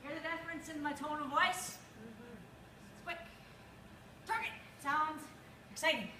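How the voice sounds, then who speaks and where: A woman's voice: high voice, unhurried. A woman teaching a dog agility class, coaching the students and calling cues to her dog. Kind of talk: outdoor training class instruction. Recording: echoey with loud background noise.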